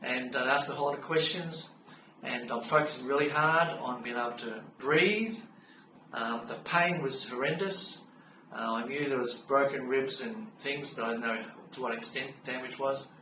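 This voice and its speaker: A middle-aged Australian man calmly recounting a personal story in an unhurried way, with frequent fillers. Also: medium pitch. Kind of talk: personal spoken testimony. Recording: roomy sound from a distance with faint background hum.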